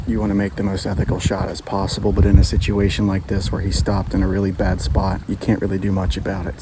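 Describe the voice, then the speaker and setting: Excited bowhunter man outdoors, rambling. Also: low-pitched, heavy background noise. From Pennsylvania. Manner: excited, rambling, repeats himself. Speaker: bowhunter filming his own hunt. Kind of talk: casual hunting vlog to camera. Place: outdoors in the woods, in a tree stand.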